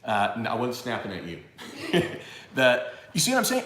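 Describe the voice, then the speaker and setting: A man's voice: medium pitch, wildly swooping pitch, moderate pace, a bit bright, echoey room. A man hosting a live tax Q&A who gets fired up and exasperated, mocking the callers he imagines. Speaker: tax educator on a live show.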